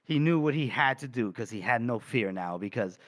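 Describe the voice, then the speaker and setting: A man co-hosting a podcast, recapping a book in an animated, filler-heavy casual way. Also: medium pitch, fairly quick. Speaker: podcast co-host.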